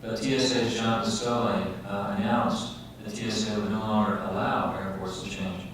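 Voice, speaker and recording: A low, flat-voiced man gives steady, informative comment at a public forum. He sounds distant in an echoey room with clear noise behind him. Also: normal speed. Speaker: forum speaker.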